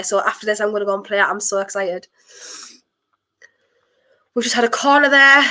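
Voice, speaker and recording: A young woman with a blocked nose, chatting nervously and excitedly through a live football watchalong and breaking into sudden exclamations. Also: on the high side. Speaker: streamer hosting a football watchalong.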